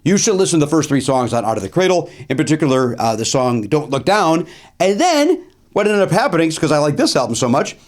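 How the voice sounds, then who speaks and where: A middle-aged male comedian and host telling a story in a lively monologue, full of ums and uhs, pushing his voice up to stress the punchlines. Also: fast talker. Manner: animated, swings pitch up for emphasis, filler-heavy.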